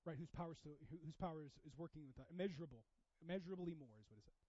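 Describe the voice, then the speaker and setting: Impassioned high-voiced male pastor. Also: racing, no room sound, dull audio. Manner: impassioned, swings from hushed to loud. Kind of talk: sermon.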